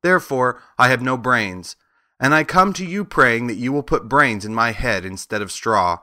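A man's voice: medium pitch, animated, moderate pace, bright, forceful tone, dry recording, studio quality. A man voicing a humble, brainless scarecrow stuffed with straw, speaking earnestly.

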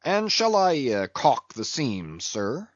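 Fussy, muttering old ship's carpenter, performed by a man; lively grumbling delivery, dry recording. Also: mid-range voice, slow pace, no echo, muffled recording. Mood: hesitant. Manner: hesitant, muttering, grumbling to himself.

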